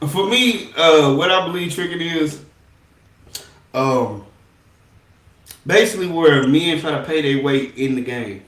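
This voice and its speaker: A man's voice: on the high side, unhurried, long pauses, far from the mic. Laid-back man, echoey and off-mic. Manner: laid-back, rambling, trails off softly. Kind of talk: casual chat.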